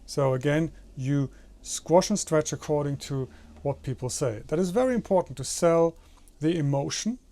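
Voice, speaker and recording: Soft-toned man teaching animation. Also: on the high side, normal speed. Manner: demonstrates with his own head and hands while explaining. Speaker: animation instructor. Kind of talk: tutorial explanation.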